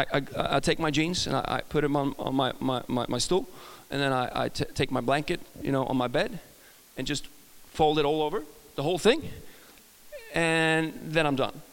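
High-voiced Swedish preacher in a reverberant hall. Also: male voice, a bit bright. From Sweden. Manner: storytelling with frequent restarts and self-laughter. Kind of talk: sermon.

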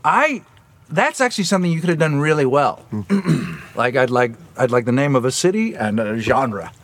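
A man co-hosting a podcast in casual banter, teasing and swearing with loud reactions. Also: mid-range voice, big pitch swings, moderate pace. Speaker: podcast co-host. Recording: podcast recording with audible hiss.

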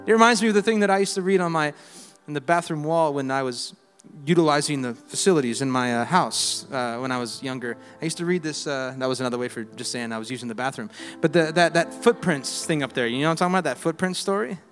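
A man preaching a sermon, swinging between loud exhortation and quiet reflection, with humorous asides and call-and-response lines. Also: fairly high pitch, quick pace. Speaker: pastor. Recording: reverberant hall with faint music.

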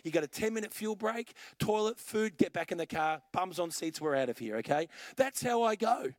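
High-voiced Australian pastor preaching. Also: male voice, animated, moderate pace, no room sound, clean studio sound. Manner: storytelling, conversational, punchy short phrases. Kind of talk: sermon.

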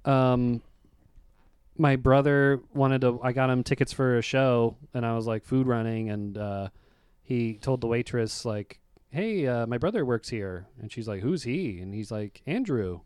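A man's voice: medium pitch, measured pace, darkish tone, smooth, no echo, studio quality. A man in casual chat, retelling a work story and laughing along. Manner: chatty, laughing, retells stories with quoted voices.

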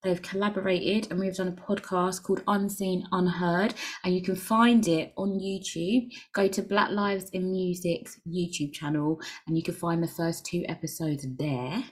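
Young woman, podcast host, lowish voice, candid, crude humor, rambling. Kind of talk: casual solo podcast chat.

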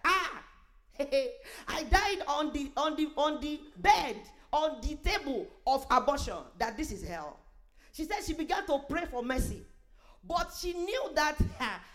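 A woman preacher retelling a testimony in an emphatic, exclaiming sermon style. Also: sits high. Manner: animated, emphatic, with exclamations and asides.

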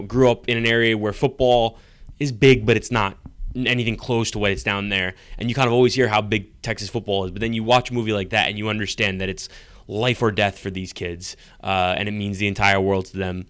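A man's voice: fairly low pitch, steady tone, a little fast, fairly bright tone, clear, resonant tone, no room sound. A man co-hosting a podcast in casual chat, rambling and laughing as he tells stories. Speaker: podcast co-host.

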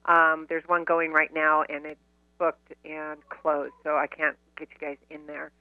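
A woman's voice: low-pitched, level tone, measured pace, clean tone, no echo, phone-quality sound. A woman hosting a radio show, talking casually with an effusive, affectionate, upbeat manner.

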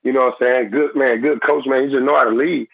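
A young man, a former football player, talking in a phone-in interview in halting, repetitive phrases. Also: medium pitch, fairly even intonation, gravelly, no echo. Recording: tinny phone line.

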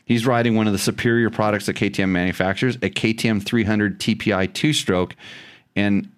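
A man's voice: fairly low pitch, steady tone, a little fast, clean tone. Teasing, rambling man hosting a podcast. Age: middle-aged. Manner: joking, teasing, rambling with many restarts. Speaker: podcast host. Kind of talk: casual chat.

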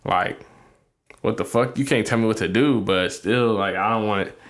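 A young man co-hosting a casual podcast with his partner, talking bluntly with a lot of profanity and getting loud and animated when riled. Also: fairly low pitch, normal speed. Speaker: podcast co-host. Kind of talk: casual couple podcast chat.

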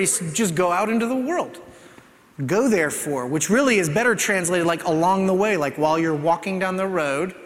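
A man preaching a sermon in a conversational style, often dropping to a soft, hushed voice to make a point. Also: sits high. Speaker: pastor. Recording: long reverb of a large hall.

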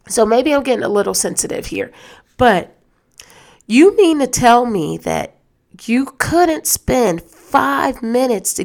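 A woman hosts her own podcast in a loose, conversational rant full of restarts. Her mid-pitched voice carries a steady gravelly fry. She sounds exasperated and keeps calling on her audience to weigh in. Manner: animated and exasperated, talks straight to listeners. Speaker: podcast host.

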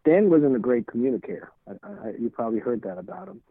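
Very animated and quick, a middle-aged man with a medium, slightly rough voice shares casual stories as an interview guest. He rambles, repeats words, and performs quoted dialogue from old conversations; the audio is tinny and phone-like, with no echo.

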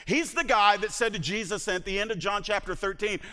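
Bright-voiced male pastor in a hall. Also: high voice, a little fast. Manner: dramatic storytelling, acting out the voices in the Bible story. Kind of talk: sermon.

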